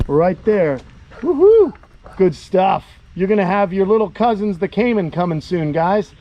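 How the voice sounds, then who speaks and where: This animal keeper and vlogger has a slightly high, somewhat mellow voice. Strolling through his animal camp, he chats casually and with enthusiasm for his outdoor vlog.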